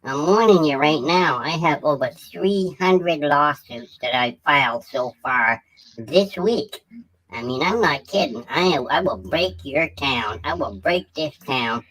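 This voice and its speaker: A man voicing a pompous, bratty male roadside auditor as a comedic parody voice-over, his voice sped up into a chipmunk pitch. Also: expressive, measured pace, a bit bright, rough recording. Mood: boastful. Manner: whiny, self-important, mocking. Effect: sped-up chipmunk pitch shift.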